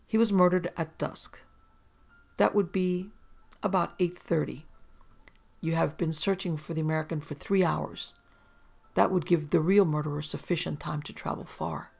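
A narrator voicing a calm, ironic island detective. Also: mid-range voice, vocal fry, husky. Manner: quiet, measured, calm. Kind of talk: audiobook character reading.

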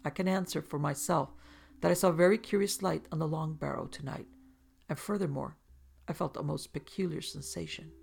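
A woman reading aloud and voicing a grave, somewhat sheepish gentleman scientist. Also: sits low, brisk, gravelly, slightly rough, heavily acted.

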